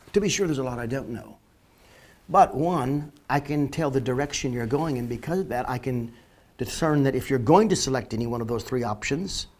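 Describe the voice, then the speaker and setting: A man lecturing on marketing to online viewers, emphatic and slowing down to stress key words. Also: mid-range voice. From northern Canada. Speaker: marketing educator. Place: Florida, near the beach.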